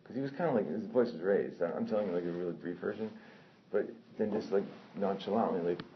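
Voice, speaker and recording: Deep-voiced man, casual profane storyteller who rambles and self-corrects; muffled lo-fi recording. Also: fast. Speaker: storyteller recounting a personal incident. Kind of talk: casual spoken anecdote. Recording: dull lo-fi sound with faint noise.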